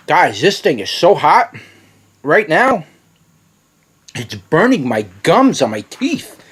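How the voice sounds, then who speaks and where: A man reviewing a very hot pepper on camera, with watering eyes and a running nose, talking in halting bursts that repeat words between gasps. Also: fairly high pitch, wildly swooping pitch, a bit bright, breathy edge. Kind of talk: casual pepper review vlog.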